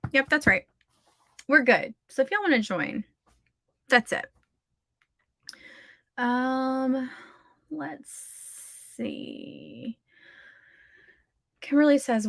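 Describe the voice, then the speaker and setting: A woman's voice: on the high side, pushed and bright, no room sound, clean studio sound. A woman, hosting a livestream of writing sprints in a chatty way and reading out viewer comments. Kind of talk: casual livestream chat.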